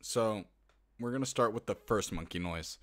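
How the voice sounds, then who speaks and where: A man with a lowish voice, speaking at normal speed with no room sound, talks casually through a silly tutorial he made for online viewers. He rambles, hunts for words, fills gaps with fillers, and erupts in laughter and loud hoots.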